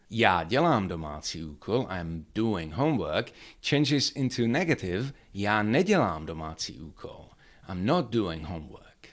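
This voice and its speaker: A man teaching a grammar lesson, explaining upbeat and clearly, step by step. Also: fairly low pitch. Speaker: language teacher.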